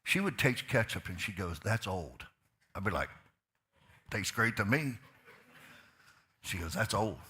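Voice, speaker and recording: A male pastor preaches from a church stage. His voice is bright and forceful. He drops to quiet asides, then rises to loud, fired-up stretches, and keeps firing repeated questions at the crowd. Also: on the low side, expressive, unhurried, pauses often. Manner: asks the crowd questions, repeats lines for emphasis. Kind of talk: sermon. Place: church sanctuary.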